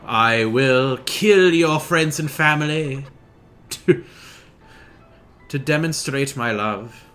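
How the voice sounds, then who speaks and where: A man voicing a grandiose male origami king villain, drawing his lines out slowly and theatrically while reading game dialogue aloud. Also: medium pitch, fairly bright tone, soft background music. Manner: slow, drawn-out and theatrical.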